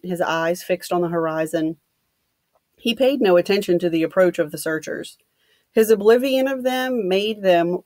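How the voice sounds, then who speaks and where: A woman teacher reading a novel aloud to students, steady and plain, stopping to give brief instructions. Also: fairly low pitch, no echo, clean studio sound.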